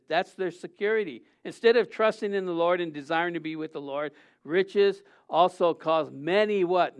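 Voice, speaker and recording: A man preaching an informal sermon, halting often and asking rhetorical questions. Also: high-pitched, lo-fi sound.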